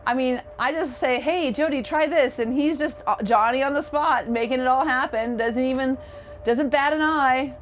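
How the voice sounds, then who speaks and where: A woman's voice: high-pitched, moderate pace, slight background noise. Chatty, upbeat woman giving a tour. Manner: chatty and enthusiastic, with many fillers. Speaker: RV sales presenter. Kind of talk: casual walkthrough tour. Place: inside a motorhome.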